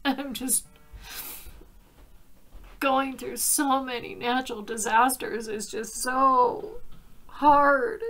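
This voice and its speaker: A woman's voice: high voice, steady tone, slow, pauses often, a bit bright. A woman hosting a crafting vlog, chatting in a heartfelt way and laughing often. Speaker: card-making crafter. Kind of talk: casual crafting vlog chat.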